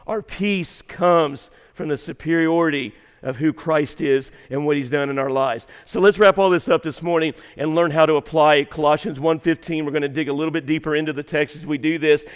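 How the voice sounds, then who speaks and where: A man preaching a sermon as pastor, moving between hushed storytelling and shouted emphasis in a large auditorium. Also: fairly high pitch, clear, resonant tone, big-room sound.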